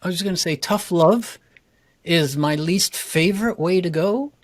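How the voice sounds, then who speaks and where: A man who coaches public speaking talks in a podcast interview, animated and eager, jumping up in pitch to stress his points. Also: moderate pace. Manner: animated, enthusiastic, jumps up in pitch for emphasis. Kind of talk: casual interview chat.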